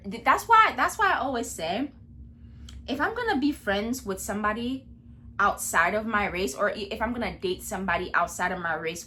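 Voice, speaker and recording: A woman vlogger speaks in a bright, mid-pitched voice. Her commentary is a blunt, profane and animated rant. She is recording indoors in a room at home. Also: slight background noise.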